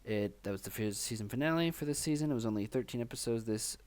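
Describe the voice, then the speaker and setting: A man's voice: mid-range voice, fast talker, darkish tone. A man co-hosting a film podcast, talking in a loose, rambling way with many fillers. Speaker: podcast co-host. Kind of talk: casual chat.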